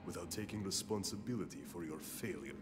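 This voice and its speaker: A man's voice: sits low, a little fast, lightly acted. An actor with a fake Russian accent playing a mocking, domineering male soldier in a video game, over game music. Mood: taunting. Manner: taunting, calls people comrade.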